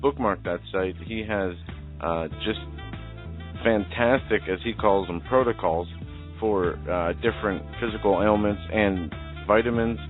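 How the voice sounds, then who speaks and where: Low-voiced talk radio host, faint music. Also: male voice. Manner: measured, announcing breaks. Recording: tinny phone-like sound with faint music.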